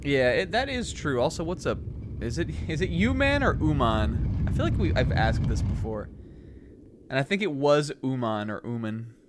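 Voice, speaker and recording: Over a noisy background, a young man in a medium pitch and at a normal speed chats casually about the game he's streaming. He rambles, uses many fillers, laughs in asides and reacts with excitement to the screen.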